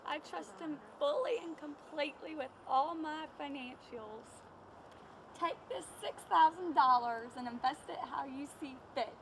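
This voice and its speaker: A woman's voice: high voice, unhurried, fairly bright tone. A young woman playing a firm, dismissive young lady. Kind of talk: amateur student play. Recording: noisy with traffic behind.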